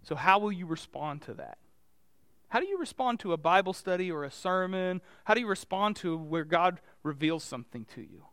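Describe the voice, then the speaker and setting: Male pastor, conversational sermon, smooth voice on the higher side, dry close sound. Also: lively intonation, moderate pace, fairly bright tone, dry recording. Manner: conversational, asks the congregation direct questions.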